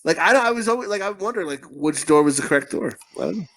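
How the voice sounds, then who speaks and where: A man co-hosting a comedy podcast, with a voice a little higher than most men's. He rambles through crude, profane stories. His talk is packed with "like" and loose restarts. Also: animated, racing, crowd noise. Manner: rambling, profane, full of fillers and laughter. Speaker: podcast co-host. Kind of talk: casual crude comedy chat.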